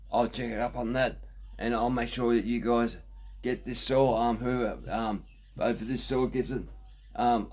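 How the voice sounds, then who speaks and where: Rambling Australian man with a husky voice. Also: mid-range voice, darkish tone. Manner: rambling, halting, lots of ums and restarts. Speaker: chainsaw vlogger. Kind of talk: casual workshop vlog. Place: home shed.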